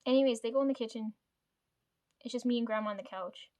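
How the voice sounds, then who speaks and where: A woman's voice: fairly high pitch, fast, mellow. Rambling, foul-mouthed woman vlogger. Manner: rambling, frequent swearing, chatty asides; often laughs between thoughts. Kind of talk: casual storytelling to camera.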